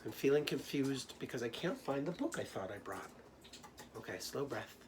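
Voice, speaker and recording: A man, a teacher, gently talking young children through his own feelings during a storytime lesson. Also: mid-range voice, very animated, fairly quick, noisy background.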